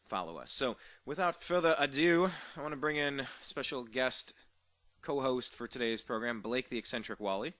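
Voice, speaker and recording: A man's voice: mid-range voice, animated, normal speed, sharp tone, dry recording. A man hosting a political talk show, upbeat and joking with a sarcastic edge. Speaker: host.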